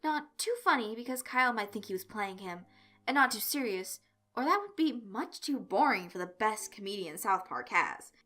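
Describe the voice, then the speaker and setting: A woman narrating a fan fiction story in a plain, even amateur reading. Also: mid-range voice, normal speed.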